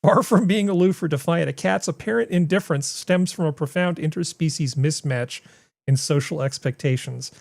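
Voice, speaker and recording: A man hosting a casual panel show, rambling along with lots of filler pauses. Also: fairly high pitch, vocal fry, a little mellow, no room sound.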